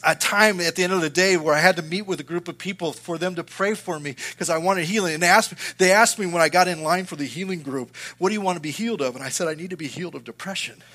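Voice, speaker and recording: Earnest bright-voiced middle-aged male pastor. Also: high voice. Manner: earnest, swings from loud to hushed. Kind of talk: sermon with personal story.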